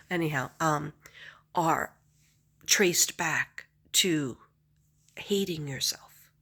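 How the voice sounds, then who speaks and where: A woman's voice: low-pitched, extremely slow, long pauses, sharp tone, husky. A middle-aged woman vlogger chatting casually to camera, rambling and laughing often.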